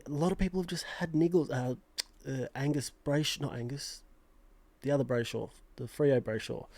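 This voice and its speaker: Rambling Australian man, mellow and dry. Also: on the high side, dry recording. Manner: rambling, self-mocking, fillers and restarts. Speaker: fantasy football channel host. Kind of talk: casual vlog chat.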